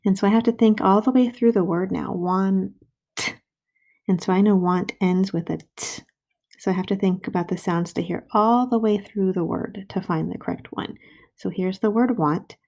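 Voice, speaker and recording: Patient female primary teacher for a recorded writing lesson at home; warm low-key delivery with some vocal fry. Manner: slow, patient, sounding out words. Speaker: first grade teacher. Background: dog barking.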